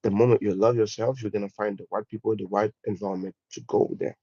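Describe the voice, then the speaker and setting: A man's voice: lowish voice, steady tone, quick pace, mellow, no room sound. Emphatic French-accented man, dull dry audio. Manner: emphatic, repetitive, addresses viewers as guys. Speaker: livestream host. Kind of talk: motivational livestream talk.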